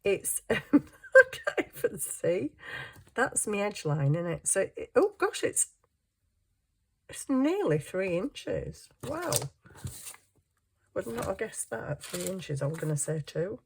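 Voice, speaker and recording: A woman's voice: medium pitch, very animated, takes it slowly, vocal fry, pauses often, slight background noise. A woman crafting at her home desk, thinking aloud in a rambling, self-mocking way with frequent chuckles. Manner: chuckles often while working. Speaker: craft journaling vlogger. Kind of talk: casual crafting chat.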